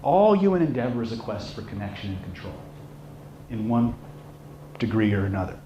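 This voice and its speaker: This seminar trainer speaks a little fast in a lowish voice, and the recording sounds muffled. He's animated as he tells stories, shouting out the parts of the people in them, all in an echoey room with a faint hum of noise.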